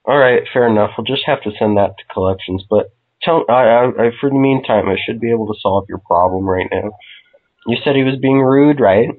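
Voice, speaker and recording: A man prank calling as customer service, calm and mock-polite. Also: mid-range voice, brisk. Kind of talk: prank phone call. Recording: tinny phone line.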